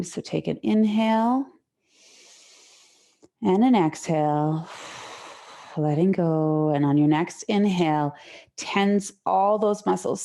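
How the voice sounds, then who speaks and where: A woman yoga instructor talks a class through gentle stretches in a low, mellow voice. Her tone is calm and unhurried, with a slightly gravelly edge. She sounds like she is leading an online session from home. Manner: calm, slow and soothing cues.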